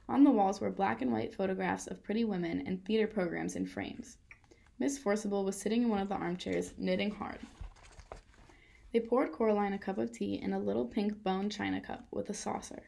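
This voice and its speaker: A woman reading a children's novel aloud in a calm, steady way. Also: mid-range voice, fairly quick, vocal fry. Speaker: reader. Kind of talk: children's book read-aloud.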